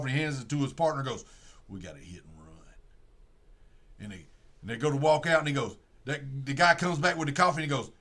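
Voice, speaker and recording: A man with a bright, forceful voice pitched a little high retells a movie he watched. He rambles and corrects himself, and he drops low to act out the characters' lines. The tone is casual livestream chat. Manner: rambling storytelling, acts out quotes in a low voice. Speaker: livestream host.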